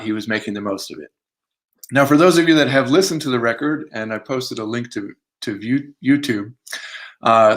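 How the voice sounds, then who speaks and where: A man's voice: mid-range voice, fairly bright tone. An American man reading from his book in an academic tone, with self-mocking asides and frequent fillers. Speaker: author giving a book reading.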